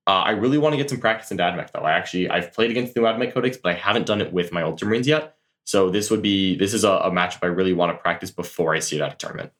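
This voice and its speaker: A man's voice: deep voice, racing, fairly bright tone. A man being interviewed on a podcast, answering earnestly and thoughtfully, with many fillers and restarts. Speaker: guest tabletop tournament player.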